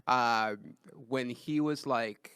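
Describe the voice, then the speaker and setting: A man hosting a podcast in a studio, telling a story in casual chat and getting loud when he acts out quotes. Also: medium pitch, slow, smooth, dry recording. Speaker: podcast host. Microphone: studio mic.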